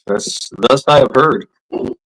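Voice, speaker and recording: On a low-quality recording, a live streamer tells a story in a loose, rambling way, swearing constantly, laughing, and restarting sentences, with lots of fillers. His voice is mid-range, fairly bright, and a little slow.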